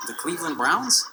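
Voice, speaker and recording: Male stand-up comedian, brash, profane, swinging lively delivery, loud noisy special audio. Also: fairly high pitch. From United States. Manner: brash, profane, mocking punchlines. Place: comedy club stage with laughing audience.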